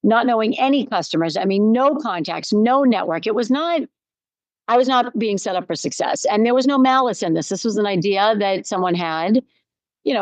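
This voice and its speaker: A woman's voice: medium pitch, animated, normal speed, darkish tone, dry recording, poor audio. A middle-aged woman hosting a solo podcast, telling a personal story in a conversational way and repeating phrases for emphasis. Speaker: podcast host.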